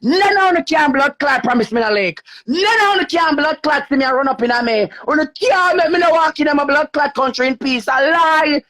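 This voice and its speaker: A man with a Jamaican accent in a defiant, cursing vlog rant, often shouting. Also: very high voice, normal speed, few pauses. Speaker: vlogger. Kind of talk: heated live rant.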